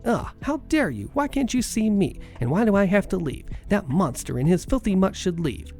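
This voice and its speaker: A shrill, scornful middle-aged woman, put on by a man reading a story, her voice pushed well up in pitch and swooping wildly. There is a gravelly rasp underneath, and faint music sits behind her. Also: very animated, a little slow, dark tone, heavily acted. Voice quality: screechy, scornful.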